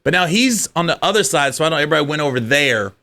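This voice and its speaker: A man's voice: fairly high pitch, expressive, racing, bright, forceful tone. A man, a comedian guest, telling comic stories in conversation and laughing through them.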